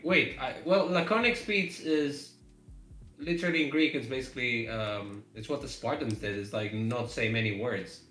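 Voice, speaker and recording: Bright-voiced man chatting in a roomy echo. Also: mid-range voice, normal speed. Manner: rambling, many fillers, frequent laughs. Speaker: game developer streaming live. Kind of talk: casual live-stream chat.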